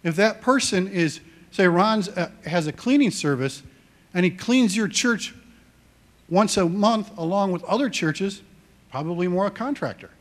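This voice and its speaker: A man's voice: high-pitched, lively intonation, a little slow. A man presenting a seminar on church finances in a conversational lecture style, often restarting phrases and checking in with the audience. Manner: chatty, frequent restarts and check-ins with the audience.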